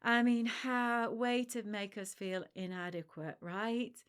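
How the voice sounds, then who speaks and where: A woman's voice: fairly high pitch, steady tone, slow, clean tone. A woman hosting a solo podcast as a dog trainer, talking emphatically and reassuringly straight to the listener. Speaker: dog separation-anxiety trainer and podcast host.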